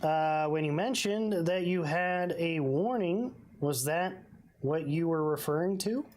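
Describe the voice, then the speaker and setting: A woman's voice: on the low side, measured pace, darkish tone, close to an everyday voice. Skeptical detective, read by a woman. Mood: probing. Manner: questioning, skeptical. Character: probing male detective, the player character.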